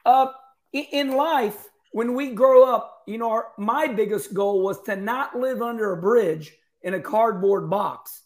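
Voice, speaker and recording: Earnest man hosting a chat. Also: sits high. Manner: earnest, admiring, quick bursts of talk. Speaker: host. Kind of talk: casual conversation.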